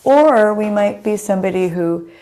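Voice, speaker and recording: A middle-aged woman teaching a chair yoga class over a video call, giving calm guiding cues and naming students as she goes, with a slightly scratchy voice. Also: medium pitch, normal speed. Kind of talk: live online yoga class instruction.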